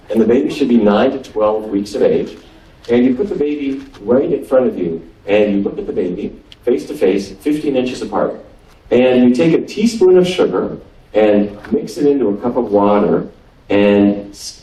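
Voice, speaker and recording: Heard far off in a roomy hall, a mellow, medium-pitched man delivers a lighthearted nutrition lecture as a physician and quizzes the crowd. He comes from North Dakota, and the talk takes place in a cruise ship's lecture room.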